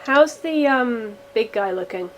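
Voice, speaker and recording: A woman's voice: fairly high pitch, expressive, unhurried, slight background noise. A woman playing a tabletop role-playing game, chatting casually and hesitantly as she describes her character's actions.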